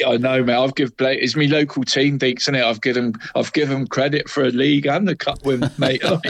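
A man's voice: medium pitch, steady tone, a little fast, vocal fry. A man co-hosting a football radio show, running through local league results in a chatty way, saying "mate" all the time and laughing at his own slips. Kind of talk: casual sports results chat.

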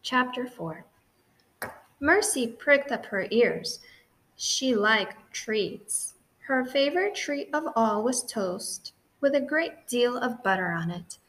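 A woman narrating a children's audiobook in a gentle, clear and expressive way. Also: on the high side, slow pace.

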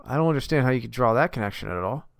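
A man's voice: mid-range voice, animated, very fast, gravelly, no room sound, studio quality. A man co-hosting a podcast in casual chat, crude and blunt, swearing freely. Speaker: podcast co-host.

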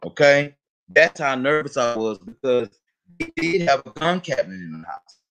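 A man telling a funny story in a casual chat, animated and profane, acting out other people's voices. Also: medium pitch, normal speed, soft background music.

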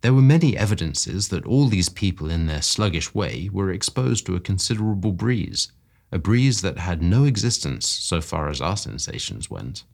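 Husky man reading a story aloud. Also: sits low. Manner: expressive, rising with excitement. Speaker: podcast story reader. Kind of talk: scripted narration of a classic story.

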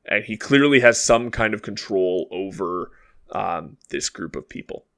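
Slow-talking male game master. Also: on the low side, creaky. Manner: relaxed, hesitant narration with fillers. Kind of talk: narrating a tabletop game.

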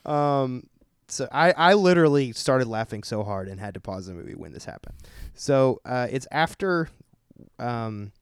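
A man in casual chat, animated and laughing, with lots of "like". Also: mid-range voice, normal speed, clear, resonant tone, no room sound, clean studio sound. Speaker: podcast co-host.

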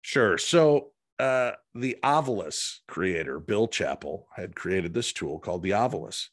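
Man, middle-aged, low voice, dry close sound, animated storyteller, interview guest. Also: a little slow, no room sound. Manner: animated anecdote-teller, acts out voices and lines. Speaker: guest, paranormal investigator.

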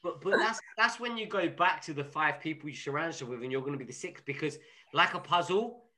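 A man co-hosting a podcast, speaking in a calm, reflective way. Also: on the high side, brisk. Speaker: podcast co-host. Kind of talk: casual chat.

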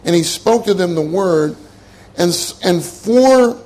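A man's voice: high voice, expressive, takes it slowly, a little mellow. An older man preaching a sermon in a conversational way, repeating his key phrases and laughing at his own jokes.

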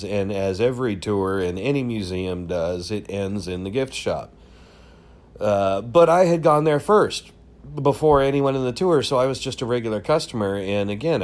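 Guy rambling thru a story at home, lots of uhs, gets excited in bursts, kinda low voice. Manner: rambling, many fillers and restarts; animated, swings up in excited bursts. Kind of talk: casual storytelling. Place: home room.

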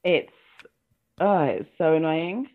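A young woman co-hosting a podcast, telling animated stories in a lightly complaining, chatty way. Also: deep voice, slow pace, phone-quality sound. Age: young adult. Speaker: podcast co-host. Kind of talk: casual chat.

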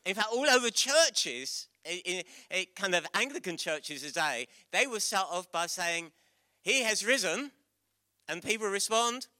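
Lively bright-voiced preacher. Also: male voice, high-pitched, unhurried, no room sound. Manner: lively, interactive, bursts into loud exclamations. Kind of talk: Easter sermon with children.

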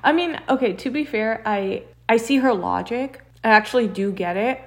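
A woman's voice: fairly high pitch, normal speed. A young woman telling a personal story in casual chat, acting out what others said. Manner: animated storyteller, acts out quotes.

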